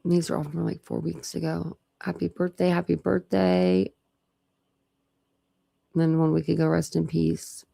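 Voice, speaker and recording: A true crime channel host from Ohio chats casually and thinks aloud while reading out records in a case discussion. Her voice sits low and is monotone, gravelly, mellow and husky, running a little fast with hardly any pauses.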